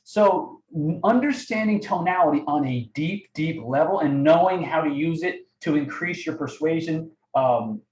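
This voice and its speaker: An energetic man coaching a live online audience, his voice sitting a bit high. He keeps asking "right?" and "okay?". The sound is echoey, as if he is in a bare room. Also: normal speed, hardly any pauses. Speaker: webinar host. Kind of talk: live sales training talk.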